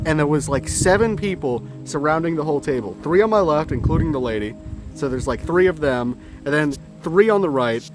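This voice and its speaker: A man's voice: on the high side, expressive, a little fast. A young man telling a story in a casual, rambling way, swearing now and then. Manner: rambling, profane, self-correcting. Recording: clear background music.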